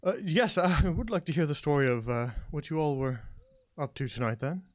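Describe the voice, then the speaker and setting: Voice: medium pitch, fairly quick, dry recording, natural voice. A game master voicing a shy, nervous young woman who stammers and hesitates politely. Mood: timid.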